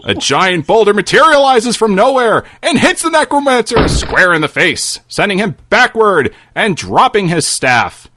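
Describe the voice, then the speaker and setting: A man's voice: sits high, sing-song, moderate pace, hardly any pauses, sharp tone, a little hiss or hum. A man narrating a comedic fantasy story in a theatrical, playful way.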